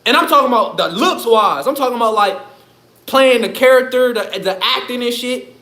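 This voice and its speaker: Man, very high bright voice, profane rambling livestream rant, echoey room. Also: animated, fairly quick. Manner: profane, rambling, laughs often.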